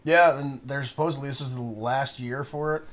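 A man co-hosting a casual podcast, tossing in quick jokes and short reactions. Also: medium pitch, steady tone. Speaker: podcast co-host. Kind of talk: casual chat.

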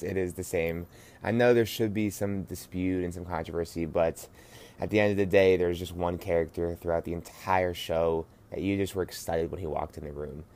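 Deep-voiced man, earnest podcast co-host. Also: darkish tone. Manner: earnest, with frequent hesitations and fillers. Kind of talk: casual podcast discussion.

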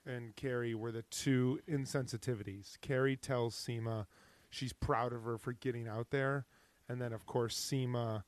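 Halting, opinionated man in dry sound. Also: mid-range voice, steady tone, no room sound. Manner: halting, many fillers and restarts, opinionated. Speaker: podcast co-host. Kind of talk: casual chat recapping a TV show.

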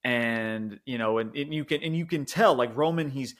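A man co-hosting a podcast, giving an animated, rambling review in casual chat with frequent restarts. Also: medium pitch, moderate pace. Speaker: wrestling podcast co-host.

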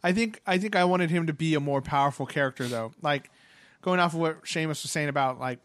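A man's voice: on the high side, fast, fairly bright tone. A man in casual chat, agreeable, chiming in often with short replies.

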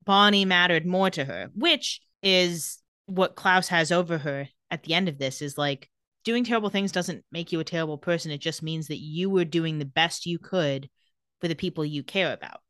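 A woman's voice: on the low side, moderate pace, clean tone, no echo. Chatty young woman recapping scenes. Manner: retells scenes, quoting characters with lively shifts. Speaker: podcast co-host recapping a TV episode. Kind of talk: casual chat.

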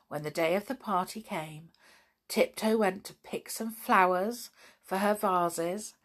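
A woman reading a children's storybook aloud in a gentle, expressive, unhurried way. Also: mid-range voice.

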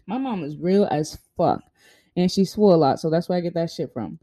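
A young woman talks straight to the camera in a motivational monologue, blunt and full of swearing. Her voice sits low and mellow as she fires off emphatic rhetorical questions. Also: lively intonation, moderate pace. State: hiccuping. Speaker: vlogger.

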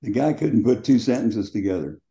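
A man's voice: medium pitch, very animated, moderate pace, dark tone. A man in his seventies, a former quarterback, telling colorful, salty anecdotes as the guest in an interview. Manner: colorful, profane, laughing anecdotes. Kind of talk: storytelling in casual conversation. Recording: dull lo-fi sound.

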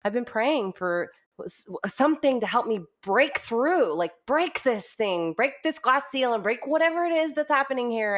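A woman hosting a podcast, talking in an earnest, searching way with quick restarts. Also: mid-range voice. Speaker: podcast host. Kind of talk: casual conversation.

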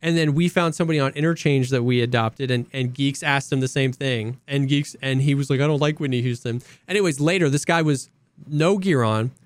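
A young man co-hosting a podcast, telling stories in a lively, animated way and acting out quotes. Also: mid-range voice, brisk, no echo. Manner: animated storyteller, acts out quotes. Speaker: podcast co-host. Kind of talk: casual chat.

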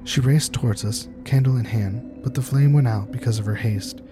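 A man reading a scripted horror story aloud in a measured, tense storytelling manner. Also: mid-range voice. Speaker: narrator. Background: music.

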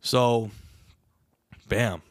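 A young man casually telling a long story on a podcast, animated and profane, calling everyone bro. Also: medium pitch, very slow, no room sound, clean studio sound. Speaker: podcast co-host.

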